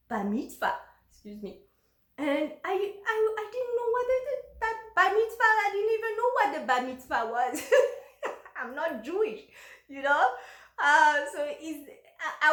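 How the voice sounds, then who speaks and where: A woman's voice: very high voice, a bit bright, echoey room. A woman vlogger candidly recounting her own life story, frank and emotional, swearing openly.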